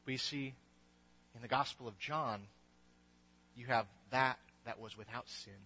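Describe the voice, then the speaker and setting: A man's voice: medium pitch, fairly even intonation, measured pace, bright, forceful tone. A young man preaching a casual, enthusiastic sermon, restarting his sentences often. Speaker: pastor. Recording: dull lo-fi recording.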